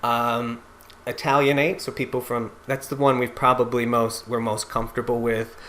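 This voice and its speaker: A man's voice: mid-range voice, level tone, moderate pace, fairly bright tone. A man teaching singers in an informal lecture, explaining step by step in a conversational way. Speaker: singing teacher.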